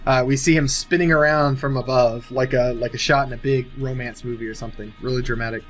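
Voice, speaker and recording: A man's voice: medium pitch, fairly even intonation, fast, soft background music. A man casually narrating an imagined film sequel, thinking aloud with many fillers and restarts. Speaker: movie sequel writer.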